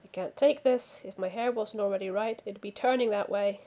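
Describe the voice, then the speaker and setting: A woman reading a visual novel aloud as a let's play streamer, voicing the lines and breaking off into animated asides. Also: medium pitch, normal speed, lo-fi sound. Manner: animated, reacts with outbursts and asides. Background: background music.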